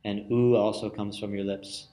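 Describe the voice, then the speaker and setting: A man teaching a lesson, explaining word roots slowly with many pauses and restarts. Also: fairly low pitch, flat delivery. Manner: slow and searching, many fillers and restarts; chants Sanskrit verse loudly in a sung tone. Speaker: yoga philosophy teacher. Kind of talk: lesson with call-and-response chanting.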